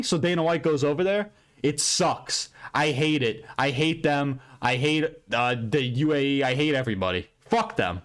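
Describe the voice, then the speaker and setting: A loud, heated man delivers an unscripted fight recap, swearing constantly and restarting his sentences as he rambles. His voice sits a little high for a man, and he talks with blunt, emphatic force. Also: expressive, fairly quick. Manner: rambling with frequent restarts and fillers. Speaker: MMA recap channel host.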